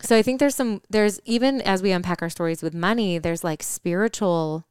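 A woman in casual conversation, thinking aloud candidly and often pausing with fillers. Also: lowish voice, darkish tone, clear, resonant tone, dry recording, studio quality.

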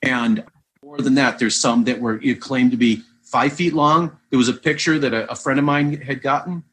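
A man's voice: mid-range voice, moderate pace, a little hiss or hum. A man, a vintage baseball player, telling long rambling anecdotes as a guest in a casual interview. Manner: rambling, animated anecdotes with restarts.

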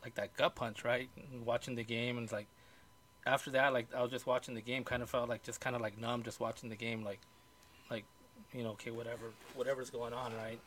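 A man co-hosting a casual podcast, speaking quietly and reflectively with many fillers. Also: medium pitch, level tone, a little fast. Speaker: podcast co-host. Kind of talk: casual chat. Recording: quiet and distant from the mic.

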